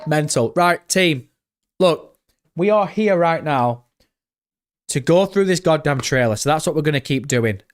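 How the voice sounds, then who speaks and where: A young British man live-streaming, chatting excitedly with his viewers and swearing freely. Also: a little high, measured pace. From Britain. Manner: excitable, swears often, chats directly to viewers. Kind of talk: casual live-stream chat.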